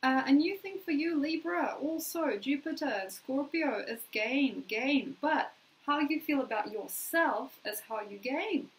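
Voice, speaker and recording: A woman's voice: high voice, expressive, a little slow, poor audio. An Australian woman giving a casual, chatty astrology forecast, playfully acting out little quoted requests.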